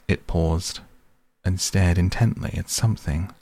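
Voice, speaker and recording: A man reading a storybook aloud as narrator, in a slow, measured way. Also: low-pitched, steady tone, vocal fry, a little mellow. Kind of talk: audiobook reading.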